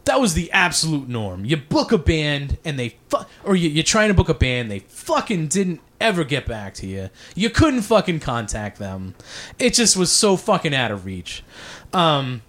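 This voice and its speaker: A man's voice: a little high, wildly swooping pitch, moderate pace, fairly bright tone. A man telling a rambling, profanity-heavy story in casual podcast chat, apologizing for ranting.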